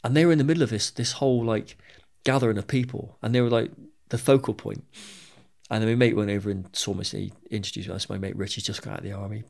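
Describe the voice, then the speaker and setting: A man's voice: on the low side, fairly even intonation, fast, vocal fry, a little mellow. A British man and former soldier, telling his own story in an interview, candid and plain-spoken, with frequent swearing and repeated words. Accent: British English.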